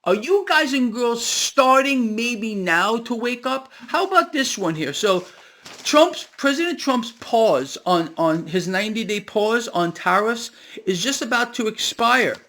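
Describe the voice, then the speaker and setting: A man's voice: very high voice, expressive, unhurried, sharp tone. A man hosting a solo market commentary video, ranting sarcastically and firing rhetorical questions at his viewers.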